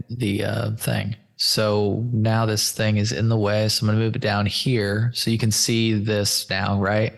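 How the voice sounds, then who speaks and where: Speaking slowly in a low, level, creaky voice, this podcast host keeps things casual, rambling and full of profanity. He calls his listeners folks as he guides them through a shared screen.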